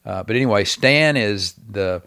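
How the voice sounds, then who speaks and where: A very deep-voiced man with a Texan drawl spins long stories as a podcast guest. He wanders through his tale, stopping often for fillers and restarts. The sound is dry and close. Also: expressive, normal speed, creaky, sharp tone, no echo. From Texas. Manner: rambling, hesitant with many fillers. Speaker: guest, former governor. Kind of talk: casual storytelling interview.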